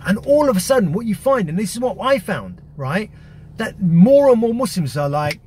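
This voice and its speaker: An activist gives media advice in a casual, emphatic instructional talk, often repeating words and checking in with "yeah?" and "right?". His voice sits high and sounds sing-song, a little mellow, and husky, at a moderate pace.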